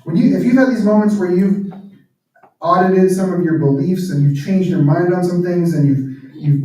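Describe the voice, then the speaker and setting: A guest speaker and author with a mellow, slightly high male voice gives an earnest, reflective church talk, sinking to near-whispers on emotional points. He sits far from the mic, and heavy echo fills the hall.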